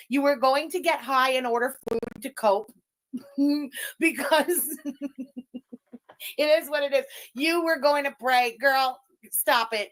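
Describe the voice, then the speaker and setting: High-voiced, scornful French-speaking woman. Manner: profane, mocking and scornful. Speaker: live-stream host. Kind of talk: casual commentary.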